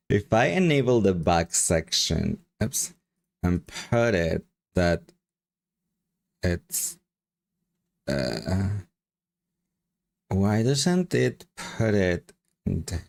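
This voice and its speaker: A man's voice: low-pitched, very animated, extremely slow, vocal fry, pauses often. A man with a Mexican accent chatting casually with his live stream chat, rambling and laughing often. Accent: Mexican Spanish.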